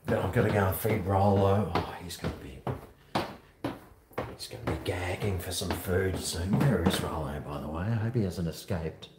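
A man chatting casually on a home vlog, talking to his dog in a high sing-song voice at times. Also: normal speed, roomy sound, very noisy. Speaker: vlogger. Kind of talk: casual chat to camera. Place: at home near a garage.

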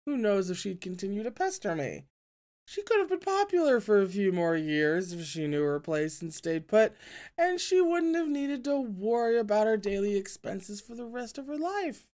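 A reader voicing a drunk, gruff older male sect leader in a fan reading of a novel, with slurred, scornful speech. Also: medium pitch, big pitch swings, normal speed, a little mellow, voice pushed up, lightly acted. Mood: bitter. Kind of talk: audiobook-style fan reading.

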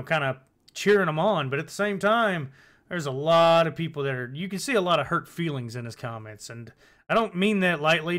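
A man's voice: fairly high pitch, a bit bright. A man hosting a casual commentary video, rambling, swearing and often restarting his sentences. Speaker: commentary channel host.

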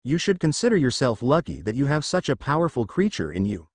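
A man's voice: medium pitch, very animated, brisk, darkish tone, husky, dry recording, studio quality. A man voicing a cold, arrogant teenage ninja boy in a fan story reading, sounding dismissive.

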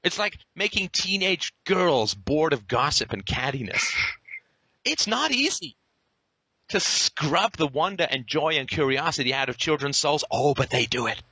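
Lively, sharp-voiced man ranting. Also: a little high, normal speed, hardly any pauses, husky, no room sound. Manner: sarcastic, profane and theatrical. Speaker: podcast host. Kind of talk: impassioned ranting monologue.

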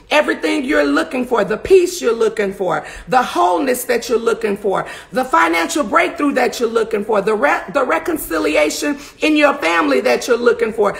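A woman preacher giving an online sermon, emphatic and repetitive, building to shouted peaks. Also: sits high, vocal fry.

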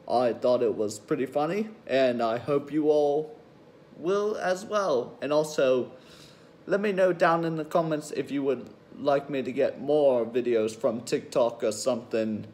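A man's voice: medium pitch, a little mellow. A young man casually introducing his channel's video in a chatty, self-deprecating way. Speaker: channel host.

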